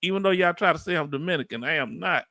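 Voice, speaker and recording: Middle-aged Southern man, high voice, dry sound, easygoing livestream host answering chat. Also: quick pace, sharp tone, no echo. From United States. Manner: casual, conversational, laughs often. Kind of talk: live Q&A, reading and answering chat comments. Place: Texas.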